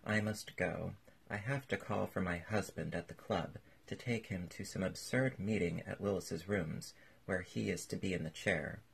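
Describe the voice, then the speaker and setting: A man doing a flustered society duchess who gushes on, pitched up from his deep gravelly voice, very husky underneath, told like an old storybook reading. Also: moderate pace, exaggerated voice. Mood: gushing. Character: fussy chattering aristocratic duchess, woman.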